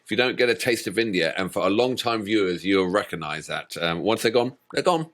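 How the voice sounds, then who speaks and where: A man's voice: fairly low pitch, expressive, brisk, fairly bright tone. A man co-hosting a music reaction channel, chatting casually and telling jokey stories with plenty of laughter. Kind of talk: casual chat.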